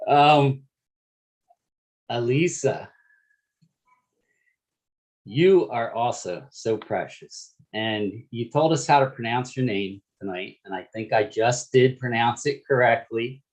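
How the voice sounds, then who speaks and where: A man's voice: medium pitch, darkish tone. A man chatting in an online discussion group, giving compliments with laughter. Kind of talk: casual group chat.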